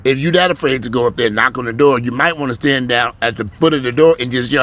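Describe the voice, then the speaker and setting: A man's voice: medium pitch, fast, few pauses. Profane man ranting blunt to camera. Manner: profane, blunt, animated rant with sudden loud rises. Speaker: vlogger. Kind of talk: ranting monologue to viewers. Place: at home.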